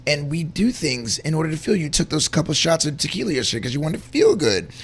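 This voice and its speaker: A man's voice: a little high, very animated, fast talker, slight background noise. A man co-hosting a casual chat, talking earnestly and rambling about faith and feeling good. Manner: earnest, rambling, acts out little voices in stories. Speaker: co-host.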